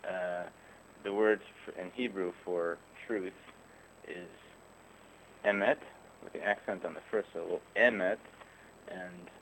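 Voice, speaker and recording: A man explaining religious texts in a thoughtful, measured way, pausing often with "uh" as he thinks. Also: low voice, big pitch swings, creaky, slight background noise, low-quality recording. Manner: thoughtful, measured, frequent "uh" pauses, occasional chuckles. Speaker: guest, rabbinic scholar. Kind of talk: conversational explanation.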